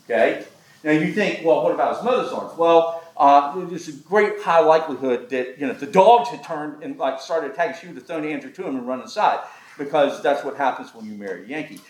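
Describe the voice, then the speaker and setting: A man's voice: fairly high pitch, brisk, echoey room, low-quality recording. A man preaching a sermon, telling folksy stories with jokes. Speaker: pastor.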